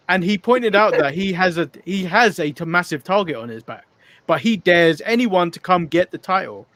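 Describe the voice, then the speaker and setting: Male co-host, high-pitched and giggly, long run-on recaps, dry recording. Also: lively intonation, normal speed, a bit bright, no echo. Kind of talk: casual podcast recap.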